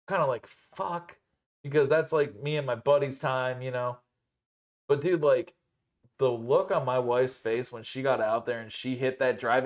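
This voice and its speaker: A young man co-hosting a podcast, telling rambling, profane stories in casual chat and leaning on filler words. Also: mid-range voice.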